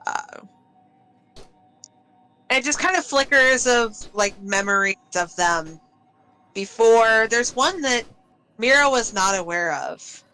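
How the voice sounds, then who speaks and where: Woman game master, bright clean voice, slow soft narration for a tabletop game. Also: on the high side, animated, clear, resonant tone, soft background music, poor audio. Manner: soft, unhurried storytelling with fillers.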